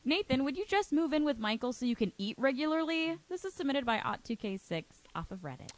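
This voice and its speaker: A woman reads listener questions on a casual podcast and teases the hosts playfully. Her voice is fairly high and very lively in its pitch, with a close, dry sound. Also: brisk, dry recording.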